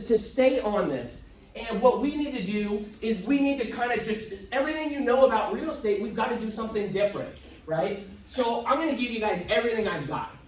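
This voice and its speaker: A man giving a live motivational talk to an audience in a conference room, telling stories in a joking, self-deprecating way. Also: high voice. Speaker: motivational speaker. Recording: echoey room, voice from far off.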